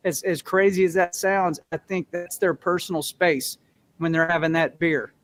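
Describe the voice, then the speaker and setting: A man talks as an interview guest in an earnest, folksy way. He acts out the voices of ordinary people to make his points. His voice sits slightly high. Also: steady tone, moderate pace. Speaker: guest, musician and business owner. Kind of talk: interview answers.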